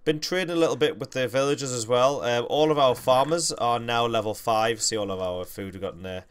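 A man's voice: medium pitch, fairly quick, clear, resonant tone. A young man, hosting a game livestream with rambling, self-correcting, jokey commentary. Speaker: gaming livestream host.

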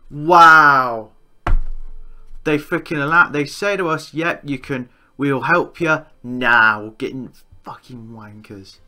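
A man commentating a strategy game he is playing, excitable and swearing, with outbursts of disbelief. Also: mid-range voice. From England. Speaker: gaming YouTuber. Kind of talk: Let's Play commentary.

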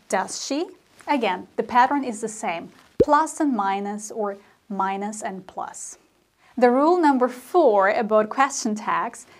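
Slow, deliberate woman teaching grammar. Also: a little high. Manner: slow, deliberate explaining with spoken example sentences. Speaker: language teacher. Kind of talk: scripted grammar lesson.

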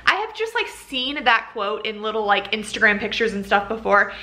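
A woman chatting casually in a reading vlog, rambling and gushing excitedly, with the odd curse word. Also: mid-range voice, moderate pace. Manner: swears casually. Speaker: book vlogger.

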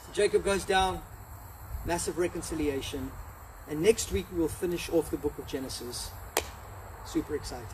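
A man preaching a sermon as pastor, animated, acting out the story with quoted voices. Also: fairly high pitch, normal speed, recorded from a distance, background noise. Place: church hall.

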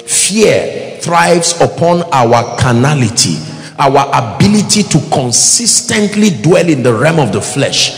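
A Nigerian-accented man preaches in a large church hall, his voice on the high side, sing-song and slow with vocal fry. He's emphatic and rhythmic, calling for the congregation to respond and sometimes breaking into song, while the hall echoes and music plays behind him.

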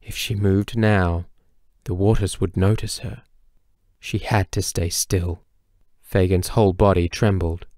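Low-voiced man narrating an audiobook. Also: a little mellow, no echo, clean studio sound. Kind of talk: scripted narration.

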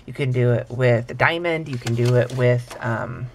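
Her voice is very deep and unhurried, with slight noise behind it, as this young adult woman sketches and explains hand lettering. The tutorial chat is offhand and self-mocking.

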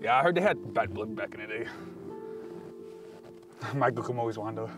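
A young man vlogging in goofy casual banter, joking and laughing, swinging between loud bursts and mumbles. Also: on the low side, expressive, moderate pace, over music.

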